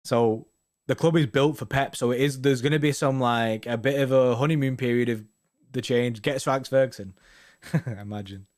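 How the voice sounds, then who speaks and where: A man's voice: mid-range voice, moderate pace, a little mellow. A man co-hosting a football fan show, chatting casually and rambling with slang and restarts. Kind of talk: casual chat reading viewer comments.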